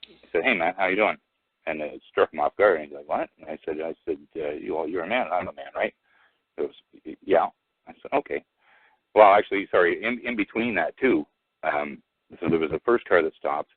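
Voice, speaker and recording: Male caller, very low husky voice over a tinny phone line; halting, rambling storyteller who quotes both sides. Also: no echo. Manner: rambling, halting, full of fillers and restarts; retells exchanges by quoting both sides. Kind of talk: casual storytelling on a call-in show.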